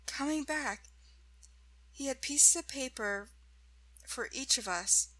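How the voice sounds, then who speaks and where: A woman slowly narrating a first-person horror story in a measured way. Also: high-pitched, pushed and bright, poor audio.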